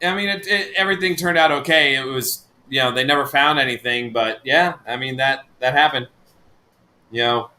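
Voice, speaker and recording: A man's voice: mid-range voice, moderate pace, bright, forceful tone, a little hiss or hum. A man co-hosting a live stream, rambling in casual chat with lots of fillers. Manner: rambling, full of fillers and restarts, laughs easily.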